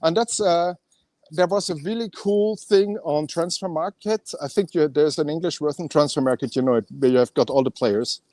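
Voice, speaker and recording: A man's voice: a little high, normal speed, warm tone, no room sound. A man with an Austrian accent chatting casually on a fan phone-in show, talking with many fillers and restarts. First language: German.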